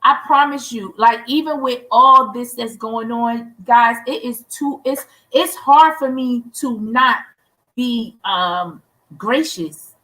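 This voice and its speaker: A woman guest in a casual live-stream chat, earnest and grateful, talking in quick bursts. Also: a little high, sharp tone, rough recording.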